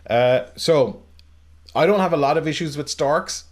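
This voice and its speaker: A man's voice: a little high, measured pace. A man hosting a film review podcast, rambling and joking in casual chat with plenty of fillers.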